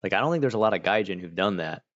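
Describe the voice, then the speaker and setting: An Australian man streaming, telling stories in a loose, rambling way, full of "like" and quick restarts. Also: low-pitched, expressive, dull audio, noisy background. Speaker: livestreamer. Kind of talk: casual chat.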